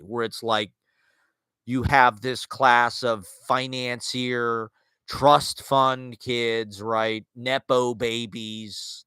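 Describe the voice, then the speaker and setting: A man's voice: medium pitch, sharp tone, smooth, no echo. A man talking through ideas in a casual, rambling monologue, full of fillers, restarts and wry asides. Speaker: podcast host. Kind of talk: casual monologue on literature and culture.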